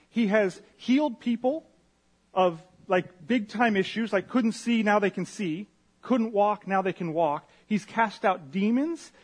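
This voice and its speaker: Husky, high-voiced man preaching casually. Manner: conversational, animated retelling with asides. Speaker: pastor. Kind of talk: casual sermon.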